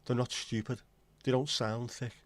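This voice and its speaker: A man's voice: mid-range voice, flat delivery, moderate pace, no echo. Blunt, rambling English man. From England. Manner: opinionated, blunt, rambling with asides. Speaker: livestream host. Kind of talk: casual chat.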